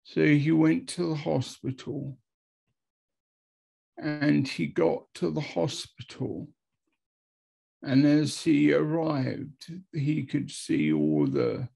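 A man who is an Anglican priest, telling a testimony story slowly and dramatically over a video call, repeating words and acting out quotes. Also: on the high side, gravelly, mellow, breathy edge. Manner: slow, repetitive, dramatic retelling with acted quotes.

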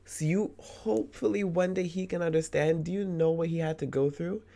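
A man's voice: on the high side, steady tone, fairly quick, dark tone. A man in his twenties giving let's play commentary, emphatic and indignant, often repeating words for effect. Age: 20s. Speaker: gamer.

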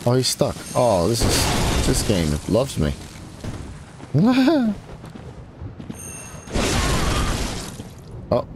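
Here a man voices let's play commentary for his YouTube channel, animated but unhurried, mocking enemies and spiking upward in pitch when things go wrong. Background noise and game sounds accompany him.

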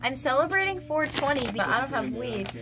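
A woman's voice: high voice, very animated, brisk, a crowd in the background. A young woman chatting casually in a vlog, bubbly and jokey, poking fun at herself. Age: young adult. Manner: bubbly, jokey, self-mocking. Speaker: vlogger.

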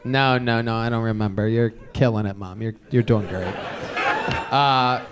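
A male host of a live comedy show, teasing his guest with laughing banter and rapid hype introductions. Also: mid-range voice, steady tone, crowd noise. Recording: noisy live comedy club room.

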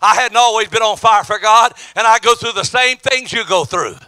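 A man's voice: high voice, normal speed, bright, forceful tone, smooth, dry recording. A middle-aged man, an evangelist, preaching a testimony with emphatic storytelling and many stammered restarts. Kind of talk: sermon testimony.

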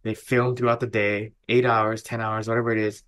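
A man's voice: fairly low pitch, a little fast. A young adult man, a wedding filmmaker chatting as podcast co-host, telling stories animatedly and filling with "like". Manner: animated storytelling, filler-heavy. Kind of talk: casual podcast chat.

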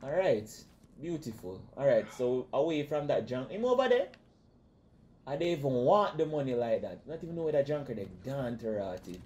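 A man with a Jamaican accent commentating a game, loud and excitable, yelling and joking in patois as he plays. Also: medium pitch, normal speed, muffled recording, slight background noise. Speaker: gamer commentator. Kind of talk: let's-play commentary.

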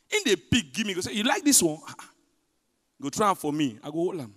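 A man with a Nigerian accent performing a stand-up comedy set in pidgin, telling stories with big swings between loud punchlines and hushed asides. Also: sits high, sing-song, a little fast. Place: large hotel event hall. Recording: live hall reverb.

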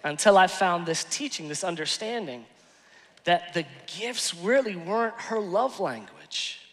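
A high, bright-voiced male pastor preaching in a church hall with a long, ringing reverb. He talks slowly and lets his voice swing from quiet asides to shouted emphasis. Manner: animated storytelling, swings from hushed to shouting. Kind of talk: sermon.

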